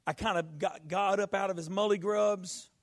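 A male pastor preaching a folksy sermon, rising to shouts. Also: high voice, fairly even intonation, normal speed.

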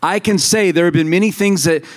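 A man's voice: high voice, a little fast. A man in his thirties preaching a sermon in a conversational way, telling stories and acting out quoted voices. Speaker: pastor.

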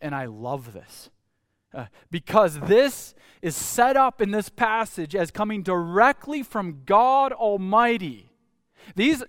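A man preaching a sermon with a fairly high, smooth and clear voice. His delivery swings between rising, loud calls and quiet, lower stretches. The sound is close and dry, with no room echo. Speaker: pastor.

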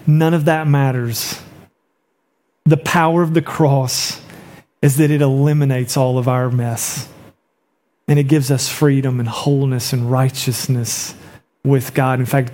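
A man preaching an earnest sermon as a pastor, dropping low and soft when he quotes words.

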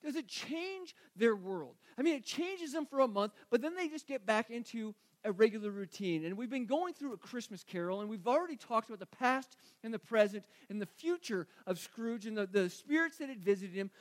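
A man's voice: sits high, expressive, fairly quick, few pauses. A man preaching a sermon as a pastor, earnest, often repeating phrases and asking rhetorical questions.

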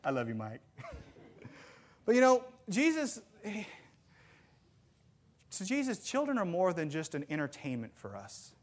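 A man delivers a sermon in a church, his slightly high voice rising and falling with animated energy. He moves between scripture and light storytelling, dropping self-deprecating asides to the congregation. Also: measured pace, pauses often. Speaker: pastor. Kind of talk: sermon with jokes.

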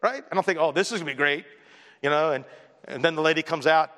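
Male pastor, bright forceful delivery, conversational sermon storyteller, long hall reverb. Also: a little high, fast. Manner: conversational storytelling preacher, mimics others with a raised voice.

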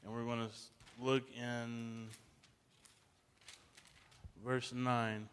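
Guy preaching a sermon, goes quiet then gets loud and punchy, long hall echo. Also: medium pitch, level tone, very slow, clear, resonant tone. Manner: dynamic, swings from hushed to loud emphatic. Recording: long reverb of a large hall.

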